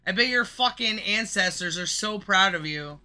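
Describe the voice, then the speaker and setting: Bright-voiced man ranting with profanity. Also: high-pitched, expressive, normal speed. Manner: angry, mocking, heavy swearing. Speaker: livestreamer reacting to videos. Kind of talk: profane reaction rant.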